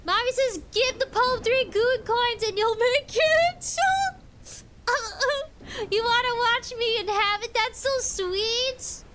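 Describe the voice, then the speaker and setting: A woman streamer with a very high, bright, sharp voice, chatting casually and giggling while she reads the chat and the game's text aloud. A faint room ambience sits underneath. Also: takes it slowly, slight background noise. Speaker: VTuber streamer.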